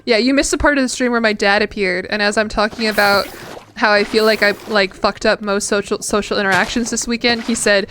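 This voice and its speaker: A woman's voice: medium pitch, fairly quick, a bit bright, a little hiss or hum. A young American woman streaming a game and chatting casually with viewers, laughing often and rambling with lots of fillers. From United States. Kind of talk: casual chat while gaming.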